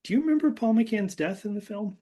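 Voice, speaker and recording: Man, podcast host, casual rambling recap, fillers, slightly high voice. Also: animated, brisk, mellow. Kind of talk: casual movie discussion.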